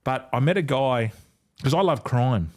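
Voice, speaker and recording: A former rugby league footballer, this middle-aged Australian man is a podcast guest with a medium-pitched, animated voice and an unhurried pace. He tells stories casually, swearing freely and voicing other people's lines.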